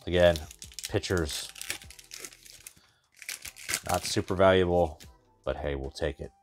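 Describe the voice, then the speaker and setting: With music in the background, a card-breaking channel host talks slowly in a low voice. He opens packs and gives a casual, wry, chatty running commentary.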